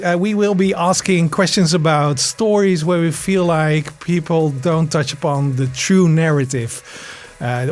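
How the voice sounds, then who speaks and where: A man with a Dutch accent co-hosting a podcast in casual chat, talking with frequent fillers and restarts. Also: on the high side. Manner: chatty, many fillers and restarts. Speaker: podcast co-host.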